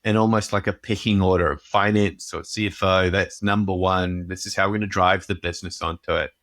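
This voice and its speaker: A man with a fairly low voice co-hosts a casual business podcast, chatting over a video call. He talks in animated bursts and breaks off to restart his sentences. The sound is dry and close, with no room around it. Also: a little fast, no room sound. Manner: animated, self-interrupting storyteller. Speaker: podcast co-host. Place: home office on a video call.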